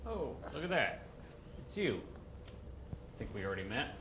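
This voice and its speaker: A man's voice: mid-range voice, very animated, moderate pace, fairly bright tone, roomy sound, a little hiss or hum. A man playing a smug casting director. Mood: smooth. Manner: condescending, mocking. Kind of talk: film dialogue.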